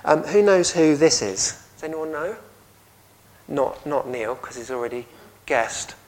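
English man preaching a lively sermon. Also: a little high, a little slow, rough recording. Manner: lively storytelling, audience questions.

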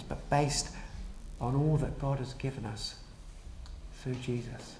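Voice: mid-range voice, warm tone. Preacher giving an earnest sermon, leaning hard on key lines, recorded in a reverberant room. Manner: earnest, emphatic, slows down to stress key declarations.

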